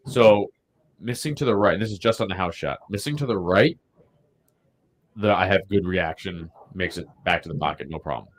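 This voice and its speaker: Low-voiced man co-hosting a podcast. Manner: rambling, laughs often, many fillers. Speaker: podcast co-host. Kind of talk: casual bowling podcast chat.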